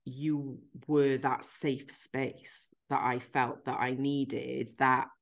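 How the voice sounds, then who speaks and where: A woman's voice: a bass voice, flat delivery, drawn-out words. A woman hosting a podcast, talking candidly and emphatically about her own emotional breakthrough, frank and self-deprecating with the odd swear word. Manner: recounts a tearful therapy session. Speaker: podcast host. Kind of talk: candid conversational podcast chat.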